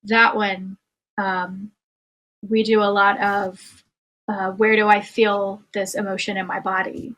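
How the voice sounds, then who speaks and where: A woman speaking as a podcast guest, hesitant and pausing often as she explains. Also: medium pitch, level tone, a bit bright, rough recording. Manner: hesitant, with frequent um fillers. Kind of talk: interview conversation.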